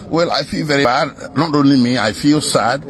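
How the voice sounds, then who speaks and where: A man, a lawyer answering a reporter in an emphatic, indignant way. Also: medium pitch. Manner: emphatic, indignant, measured argument. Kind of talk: news interview.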